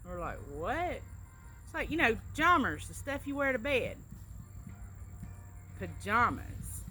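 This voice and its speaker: A chatty middle-aged woman with a Southern Alabama drawl, talking casually and explaining words with small stories. Her voice is bright and forward, and faint background noise sits behind her. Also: on the high side, sing-song, measured pace. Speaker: co-host, travel agent. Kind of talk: casual accent-tag chat.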